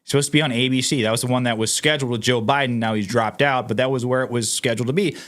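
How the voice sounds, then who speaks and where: Man, casual commentary host, emphatic, incredulous, talks straight to viewers, medium pitch. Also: steady tone, rapid-fire, a bit bright. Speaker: political commentary channel host. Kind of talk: casual on-camera commentary, reading news aloud.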